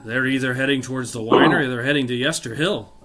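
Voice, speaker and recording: A man's voice: medium pitch, fast talker, over loud music. A man narrating a tabletop game as game master, rambling with fillers and self-corrections.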